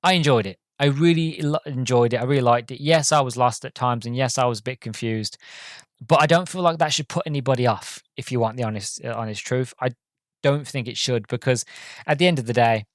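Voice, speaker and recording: A podcast host talks through a video game review in a loose, chatty way. His voice is mid-pitched and the recording is close and dry, with no room sound around him. He rambles eagerly, restarting sentences and filling gaps with ums. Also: a little fast, no room sound. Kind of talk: casual solo game review.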